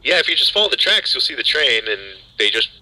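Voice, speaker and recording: A man voicing a jumpy, eager male stormtrooper guard in a tabletop game, talking loudly and in a rush. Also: very animated, exaggerated voice, low-quality recording. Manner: loud, rushed, high-strung delivery. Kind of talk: tabletop game role-play.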